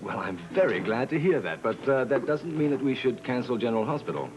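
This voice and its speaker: A man's voice: medium pitch, animated, fairly quick, natural voice. A man playing a courteous British-accented lord. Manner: polite, formal, reserved. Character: wealthy foreign male ship owner, courteous lord. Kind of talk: 1980s soap opera acting.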